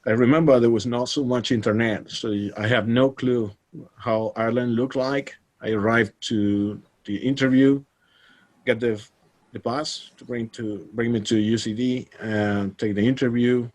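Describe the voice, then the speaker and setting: A man's voice: medium pitch, a little slow. A middle-aged man from Galicia with a Spanish accent, chatting easily as an interview guest and laughing often. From Galicia, Spain. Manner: relaxed and chatty, laughs often, non-native phrasing. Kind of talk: casual interview.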